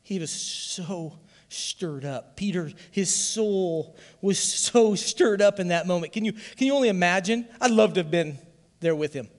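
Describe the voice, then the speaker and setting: A man preaching a sermon to his church as its pastor, fervent, often swelling into loud calls for the congregation to join in. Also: high voice, unhurried, in a large hall.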